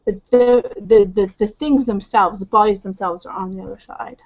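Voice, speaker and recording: A woman's voice: medium pitch, steady tone, normal speed, darkish tone, faint music behind. A woman narrating a tabletop game as game master, describing scenes vividly and mimicking sounds. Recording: dull lo-fi recording.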